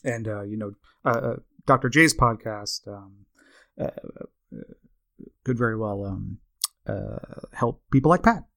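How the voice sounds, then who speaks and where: A man's voice: lowish voice, a little slow, vocal fry, a bit bright, no room sound, studio quality. A man hosting a comedy podcast, delivering a rambling, self-deprecating monologue. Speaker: podcast host.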